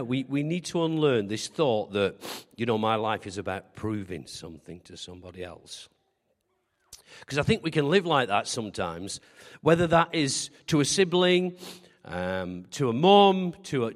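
A man's voice: medium pitch, very animated, a little slow. A man preaching a sermon in a conversational way, telling stories with humor and asking the congregation questions. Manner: humorous, self-deprecating storytelling. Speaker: pastor. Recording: long hall reverb.

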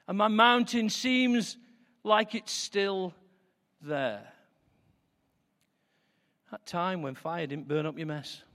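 A man preaching a sermon with passion, moving between hushed, prayerful lines and loud declarations. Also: sits high, takes it slowly, long pauses, big-room sound.

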